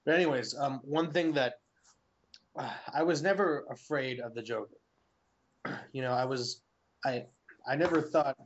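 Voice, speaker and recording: A man talks loosely about films, circling back on his words and swearing now and then. His voice sits at an average pitch. The sound is dull and lo-fi, as from a laptop mic on an online call. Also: a little hiss or hum. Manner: halting, restarts, swears casually. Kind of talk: casual movie discussion. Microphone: laptop or headset on a call.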